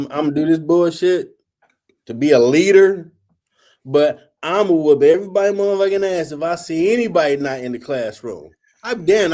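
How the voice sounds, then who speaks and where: A man in his forties tells a story in a casual, profane way. His voice sits a little high for a man. When he quotes others and himself he pushes it up and gets louder. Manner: animated, profane, acts out quotes in raised voice. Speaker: host.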